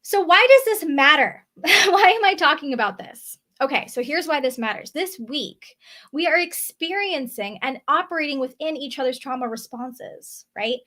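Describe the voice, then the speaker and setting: A woman vlogger talking casually to camera from her desk, often checking in with a quick "right?". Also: sits high, expressive, bright, forceful tone. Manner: chatty, often tags on "right?". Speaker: spiritual vlogger. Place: indoors at a desk.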